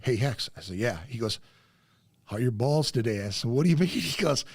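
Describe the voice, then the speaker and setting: A man's voice: mid-range voice, expressive, fairly quick, gravelly, breathy edge, dry recording. Profane man in his fifties hosting. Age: 50s. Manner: swears freely, tells stories with laughs. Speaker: podcast host. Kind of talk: casual profane chat. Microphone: studio mic.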